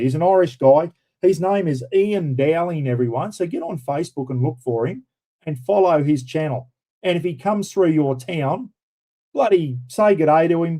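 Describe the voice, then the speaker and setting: A man's voice: on the high side, mellow, low-quality recording. An Australian man hosting a casual livestream, ranting bluntly and indignantly, swearing freely and calling his viewers "everyone". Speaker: livestream host.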